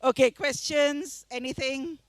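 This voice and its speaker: A woman's voice: high-pitched, a little slow. A middle-aged woman from India, an author telling a funny school story at a festival session, acting out the quoted lines. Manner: animated storytelling with quoted voices and laughter. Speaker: author giving a reading. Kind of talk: storytelling talk at a literature festival. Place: festival session before a live audience.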